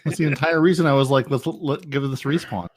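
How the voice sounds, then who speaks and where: A man's voice: mid-range voice, fast, slightly rough, no room sound. A man co-hosting a casual gaming podcast, teasing the others with dry banter. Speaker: podcast co-host.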